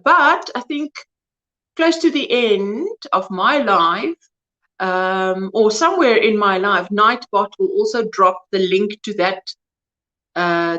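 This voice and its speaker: A woman's voice: mid-range voice, animated, measured pace, a bit bright, highs cut off. Chatty South African woman in her fifties. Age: 50s. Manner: chatty, greets viewers by name, laughs often. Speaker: crochet livestream host. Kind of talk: casual livestream chat. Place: at home, indoors.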